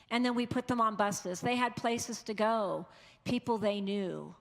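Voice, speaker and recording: A woman pastor giving an earnest, conversational sermon, quoting the people she has met. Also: medium pitch. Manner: earnest, conversational preaching with quoted voices. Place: large church. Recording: long church reverb.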